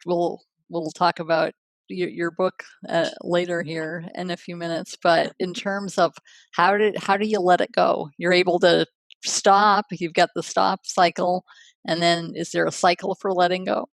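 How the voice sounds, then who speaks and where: A woman's voice: lowish voice, little pitch movement, a little slow, gravelly, no room sound. A woman hosting a podcast interview who affirms her guest and asks follow-up questions. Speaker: podcast host.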